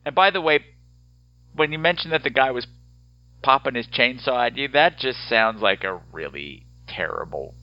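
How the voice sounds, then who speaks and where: A male podcast host with a lively, swooping voice that keeps jumping up and down in pitch as he rants and jokes. His sound is dry and close, with a slightly muffled, dull edge to the recording. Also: normal speed, no room sound. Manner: animated, sarcastic, joking rants. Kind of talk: casual podcast chat.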